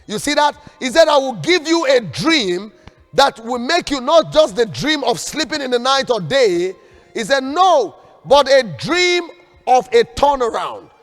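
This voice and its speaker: A man's voice: very high voice, very animated, unhurried, fairly bright tone. A man preaching fervently as a prophet in an online prayer broadcast, urging viewers to repeat declarations after him. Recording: long hall reverb with faint background music.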